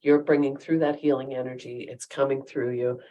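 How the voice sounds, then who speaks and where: Woman podcast co-host, very low voice, firm and emphatic. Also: little pitch movement, normal speed, dark tone, lo-fi sound. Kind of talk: casual podcast chat.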